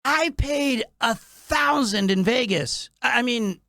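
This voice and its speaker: A man's voice: very high-pitched, slow, creaky, background noise. A man telling a comedic anecdote, acting out his own reactions with laughter. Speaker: podcast guest storyteller.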